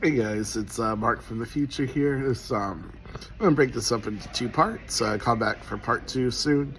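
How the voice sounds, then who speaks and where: A man's voice: mid-range voice, moderate pace, a bit bright. A man telling a story in casual commentary, rambling, with lots of "like" and "uh". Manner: rambling, full of "like" and "uh".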